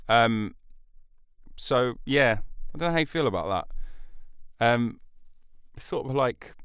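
A man's voice: mid-range voice, animated, measured pace, fairly bright tone, clear, resonant tone, no echo. A man hosting a solo podcast from a studio, rambling through jokey, self-interrupting asides. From United Kingdom. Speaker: podcast host. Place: recording studio.

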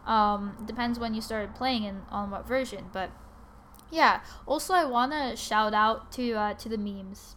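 A woman's voice: fairly high pitch, a bit bright, a little hiss or hum. Tired young woman rambling on a podcast. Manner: rambling, lots of likes and restarts, quick to apologize. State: sleepy and tired. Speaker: podcast host. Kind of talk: casual solo podcast ramble.

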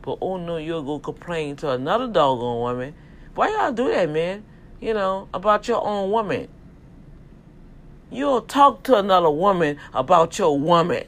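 His voice is high-pitched and animated, moving at a normal speed. This vlogger and self-publisher delivers an off-the-cuff preachy rant to camera, talking right at his viewers in a folksy, emphatic way and steering them toward God.

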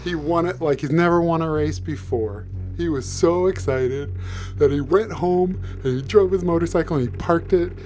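A man improvising a bedtime story, relaxed and playful, with sound effects and repetition. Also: on the high side, normal speed, faint music behind.

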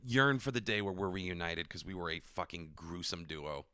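A man's voice: low-pitched, lively intonation, normal speed, sharp tone, clean tone, no echo, clean studio sound. A young man co-hosting a podcast, joking and swearing in casual banter. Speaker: podcast co-host. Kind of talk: casual chat.

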